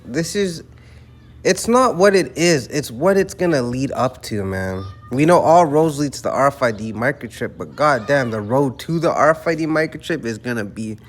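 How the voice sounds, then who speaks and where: A man with a mid-pitched voice delivers profane, preachy commentary. He drives home every point and keeps tossing in "right?" and "man". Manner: emphatic, preachy, lots of rhetorical "right?" and "man". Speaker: online commentator.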